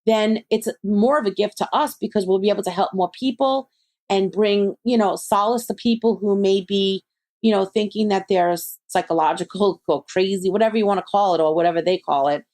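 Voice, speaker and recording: Animated woman telling stories. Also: medium pitch, a little fast. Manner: animated storyteller, acts out friends' voices. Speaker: psychic medium guest. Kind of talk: conversational interview.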